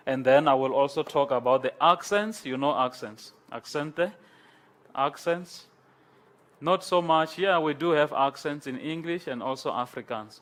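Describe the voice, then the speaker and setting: A man's voice: mid-range voice, fairly bright tone. A man lecturing a class, repeating key words, mixing in Afrikaans and quizzing students. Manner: slow, repetitive, switches between English and Afrikaans, asks the class questions. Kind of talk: university lecture. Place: lecture room.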